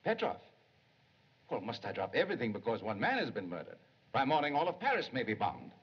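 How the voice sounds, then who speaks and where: A man's voice: mid-range voice, wildly swooping pitch, fairly quick, breathy edge, exaggerated voice. An actor playing a brusque, busy male police official, impatient and dismissive, in 1930s film acting. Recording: dull 1930s film soundtrack.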